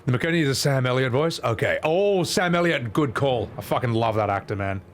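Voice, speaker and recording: Lively sweary Australian streamer. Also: male voice, mid-range voice, a little fast, a little hiss or hum. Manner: swearing, lively, self-mocking. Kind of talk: casual game commentary.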